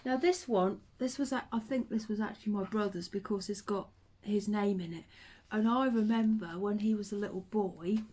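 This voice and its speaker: A woman, chatting to the camera and telling old stories in a relaxed, reminiscing way. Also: medium pitch, moderate pace, hardly any pauses. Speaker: vlogger. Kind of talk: casual chat to camera.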